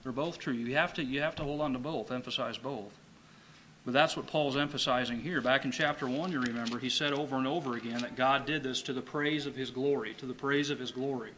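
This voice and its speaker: A man delivers an emphatic sermon in a bright, forceful voice. He repeats his key phrases for weight and slows down when reading scripture. A faint background noise sits under the recording. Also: medium pitch, fairly even intonation, low-quality recording. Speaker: preacher.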